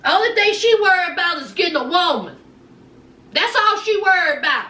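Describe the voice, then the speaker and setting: A woman's voice: extremely high pitch, big pitch swings, brisk, bright, forceful tone, far from the mic. A woman hosting a casual, sassy reality TV recap, acting out quotes and calling listeners honey and child. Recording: echoey room, off mic.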